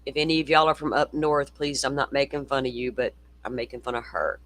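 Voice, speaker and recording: A man's voice: mid-range voice, steady tone, brisk, a bit bright, a little hiss or hum. A middle-aged man hosting a casual true-crime livestream, swearing freely and reading viewer comments aloud. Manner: profane, ranting, reads viewer comments aloud.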